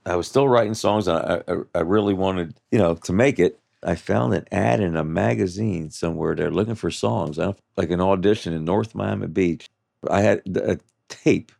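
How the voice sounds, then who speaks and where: A man in his seventies telling his life story in an interview, halting and full of restarts and "you know" fillers. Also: deep voice, vocal fry, darkish tone. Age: 70s.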